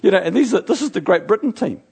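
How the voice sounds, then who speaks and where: Pastor, male, middle-aged, from New Zealand; husky, slightly high voice; impassioned sermon delivery. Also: animated, fast, darkish tone. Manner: impassioned, rising to fervent exclamations.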